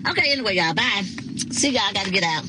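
A fast-talking woman with a medium-pitched, lively voice reads out comments from her live-stream viewers, laughing often and chatting back at them. The phone audio is swamped by heavy background noise.

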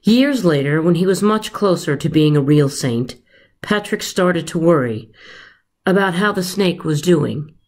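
A teacher reading a children's story aloud in an expressive, unhurried way. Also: female voice, on the low side.

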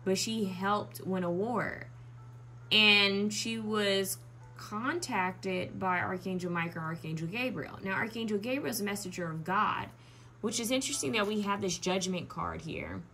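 Musing aloud through a pick-a-card tarot reading, this young woman keeps restarting and saying um. She speaks at a normal speed in a mid-range voice with a sharp tone, and there's slight background noise.

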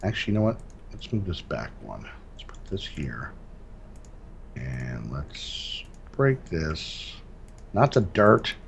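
A man co-hosting a casual Minecraft let's-play, relaxed and narrating each step as he builds. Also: rumbling low, slow pace, creaky, pauses often, a little hiss or hum. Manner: relaxed, narrates his own building steps. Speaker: gaming channel co-host.

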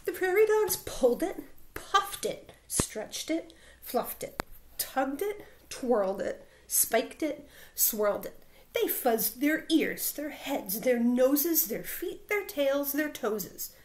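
A woman teacher reading a picture book aloud to her school, expressive, with dramatic sound words. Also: sits high, slow pace.

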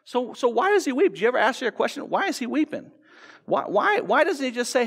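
A man's voice: very high-pitched, expressive, quick pace, big-room sound. An American man preaching a sermon, earnest, asking rhetorical questions and restarting phrases as he goes. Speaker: pastor. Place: church sanctuary.

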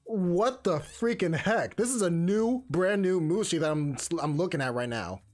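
A man giving casual, excitable play-by-play commentary on a game tournament from his home stream. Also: high voice, moderate pace, soft background music. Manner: excitable, casual gamer slang. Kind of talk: live esports play-by-play commentary.

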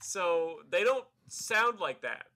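A man's voice: sits high, big pitch swings, slow, bright, forceful tone. A man from Canada, a war veteran guest, talking bluntly and with a lot of swearing in a casual podcast chat. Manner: blunt, profane and sardonic.

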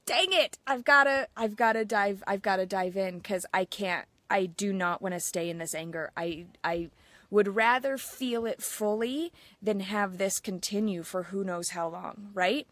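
In a casual live chat, a woman in her thirties who mentors mothers shares personal stories, earnest and open, voicing her inner thoughts as quotes. Her voice is medium-pitched, with no echo.

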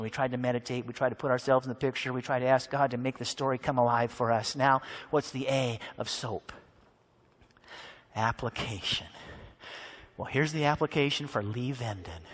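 A man's voice: medium pitch, a bit bright, slightly rough. A man preaching a storytelling sermon, dramatic and acting out the characters' voices.

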